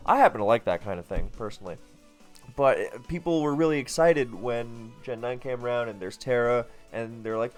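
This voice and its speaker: A man's voice: medium pitch, a little fast, faint music behind. A man giving casual, rambling commentary on a competitive game, chatty and self-deprecating with lots of asides.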